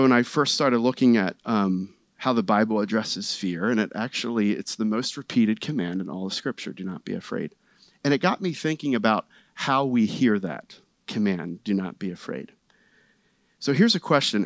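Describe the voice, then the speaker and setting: A man's voice: medium pitch, dry recording. A man preaching a sermon as pastor in a church, telling stories in a conversational, joking way. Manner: conversational, animated storytelling with asides and humor. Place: church sanctuary.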